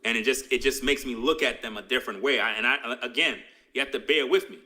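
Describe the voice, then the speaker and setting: A man speaking in a clip played for reaction, giving blunt and frank opinions. His voice sits at a middling pitch with a bright, sharp edge. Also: fast talker. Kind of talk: opinionated commentary.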